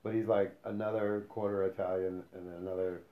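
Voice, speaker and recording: A man's voice: on the low side, flat delivery, brisk. A man co-hosting a podcast, bantering in casual, teasing, profane chat. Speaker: podcast co-host. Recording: roomy, dull lo-fi sound.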